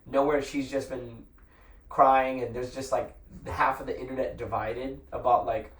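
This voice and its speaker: A man's voice: mid-range voice, flat delivery, normal speed, a bit bright. A man co-hosting a podcast in casual chat, animatedly retelling a story he read. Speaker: podcast co-host. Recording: roomy room sound, mic set at a distance.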